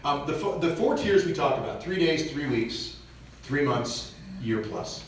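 A man giving a lively parish mission talk on preparedness, joking and acting out little scenes for the audience. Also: a little high, a little slow, slight background noise. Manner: animated, jokey, acts out little scenes. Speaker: visiting speaker on preparedness. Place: church hall. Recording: echoey church, recorded from far off.

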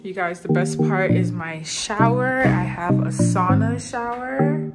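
Effusive woman vlogging on her phone at a resort, clear music under her. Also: medium pitch, lively intonation, slow pace, echoey room, poor audio. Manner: gushing, effusive, emphatic repetition. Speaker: travel vlogger. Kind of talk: casual travel vlog. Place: hotel resort room. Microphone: phone held while walking.

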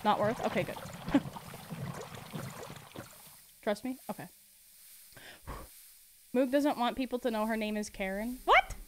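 A woman's voice: a little high, unhurried, long pauses, background noise. A woman streaming a video game, chatting casually with her chat and laughing often. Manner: giggly and chatty, answering chat. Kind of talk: casual live-stream gameplay commentary.

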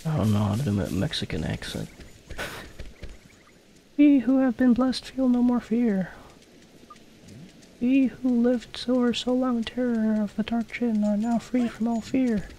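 A man's voice: very high voice, animated, unhurried, long pauses, mellow, a little hiss or hum, voice pushed up, rough recording. A man voicing a solemn villager woman in a fantasy game, reading her lines stiffly in a raised voice.

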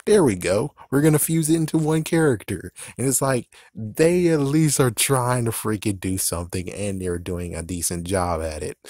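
A young man casually vlogging as a fan channel host, rambling excitably with swearing and frustrated outbursts. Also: fairly low pitch, dry recording, studio quality. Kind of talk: casual ranting vlog.

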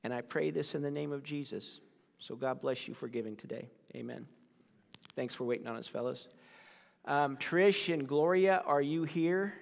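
A gravelly-voiced man leads a church service as pastor, his pitch on the higher side. He speaks in a relaxed, informal way with plenty of fillers. A long hall reverb trails his words. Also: moderate pace. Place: church sanctuary.

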